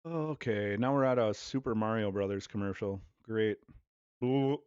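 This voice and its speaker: Lo-fi casual streamer man, low voice. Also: moderate pace, darkish tone, smooth, dry recording. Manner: loose, profane chatter with offhand play-by-play. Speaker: livestreamer. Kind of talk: casual livestream chat. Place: at home. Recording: dull lo-fi dry sound.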